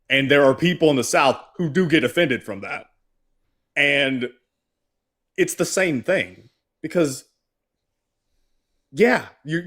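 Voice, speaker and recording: A man's voice: medium pitch, a bit bright. A man hosting a casual political chat, ranting and swearing, and sometimes mocking people in put-on voices. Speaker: host.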